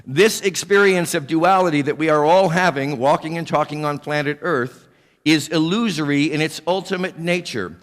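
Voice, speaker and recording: A man preaching to his congregation in a fairly high voice, teasing them with questions and answering them himself. His words ring out through a church sanctuary with a long hall reverb trailing each phrase. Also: normal speed, fairly bright tone. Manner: playful, asks the congregation rhetorical questions. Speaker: minister. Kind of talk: sermon.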